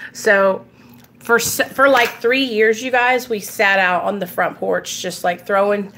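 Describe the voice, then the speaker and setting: A woman's voice: medium pitch, fairly bright tone, slight background noise. A woman in her twenties telling loose, candid stories to camera at home, laughing often and filling her talk with "like". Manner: coughs now and then. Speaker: vlogger. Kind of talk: casual storytelling to camera.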